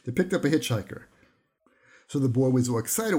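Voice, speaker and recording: A man's voice: medium pitch, brisk, mellow, husky. A man giving a Torah lesson on his podcast, telling stories and briefly acting out the people in them. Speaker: rabbi teaching on a podcast.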